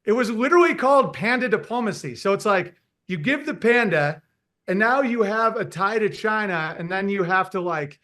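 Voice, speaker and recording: A man talking casually as a podcast guest, rambling and animated, often breaking into mocking impressions and laughing at his own jokes. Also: high-pitched, moderate pace. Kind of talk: casual chat.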